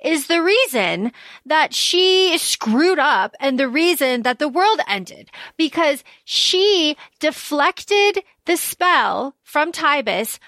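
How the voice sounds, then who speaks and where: A woman co-hosting a podcast, chatting casually about a story with lots of fillers and lively retelling. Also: high-pitched, slow, dry recording. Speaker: podcast co-host. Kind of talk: casual book discussion.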